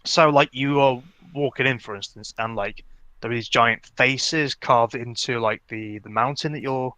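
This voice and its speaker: A man's voice: mid-range voice, moderate pace, sharp tone, dry recording. A man co-hosting a podcast, chatting casually about a game with lots of fillers and restarts while chewing gum. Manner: rambling, many fillers and restarts. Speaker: podcast co-host. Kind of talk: casual gaming chat.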